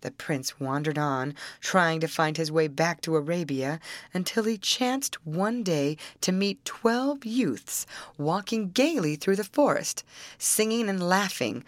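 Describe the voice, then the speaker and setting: A woman narrating a fairy tale aloud, expressive and acting out the characters. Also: fairly low pitch, a little slow, dry recording.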